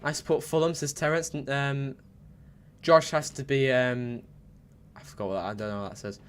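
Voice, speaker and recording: A man's voice: medium pitch, normal speed, smooth. A young man commentating live on a football match for his stream, reading out chat messages and repeating himself as he talks. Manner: excitable, repetitive, bursts into shouts at big moments. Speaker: fan livestream commentator.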